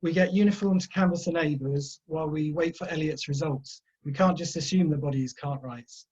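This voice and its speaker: A guarded young detective who keeps his answers short, voiced by a man reading aloud. The voice is husky. The audio is muffled and lo-fi. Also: fairly high pitch, a little fast, a little mellow. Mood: curt.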